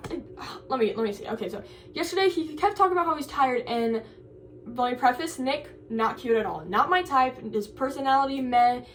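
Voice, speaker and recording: A woman's voice: sits high, distant mic, slight background noise. A young woman, a college student, chatting casually in a vlog and rambling through a story with lots of "like.". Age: young adult.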